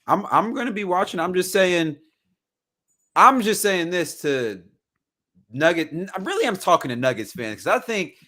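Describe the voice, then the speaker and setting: A man co-hosting a casual podcast chat, animated, slangy and profane, restarting phrases often. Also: high voice, normal speed. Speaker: podcast co-host.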